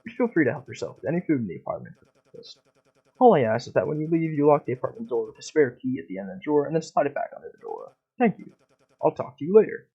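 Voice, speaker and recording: A man's voice: fairly high pitch, sing-song, quick pace, breathy edge, heavily acted. A man reading a polite, apologetic note-writer. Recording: dull lo-fi, faint game music.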